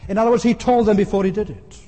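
A man preaching a sermon earnestly and emphatically, often pausing with "uh" as he explains. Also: high voice, steady tone, dark tone. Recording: long hall reverb.

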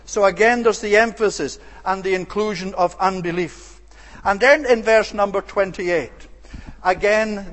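Male preacher, expository sermon, emphatic, high pitch, church hall reverb. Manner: expository Bible teaching with emphatic rises.

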